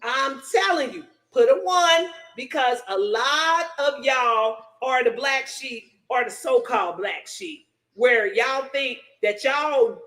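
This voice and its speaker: A middle-aged woman, hosting a casual podcast and telling stories loudly, with profanity and laughter. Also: high-pitched. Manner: loud, profane, laughing storyteller. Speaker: podcast host. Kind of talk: casual storytelling chat.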